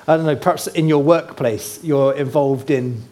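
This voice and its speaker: A man's voice: a little high, moderate pace, darkish tone. A man preaching a sermon in a conversational way, asking his congregation questions and pointing them to a map. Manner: points to a map while teaching.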